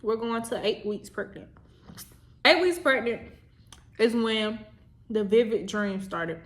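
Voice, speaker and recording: Young adult woman vlogger, loose chatty delivery, repeats herself, voice on the higher side. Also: slow pace, a bit bright. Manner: rambling, chatty, repeats herself, says "y'all". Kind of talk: casual chat to camera.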